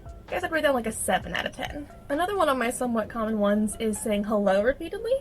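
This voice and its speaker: A young woman chatting casually in a vlog, bubbly and animated, with sudden loud outbursts. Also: fairly high pitch, fast, soft background music. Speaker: social media creator.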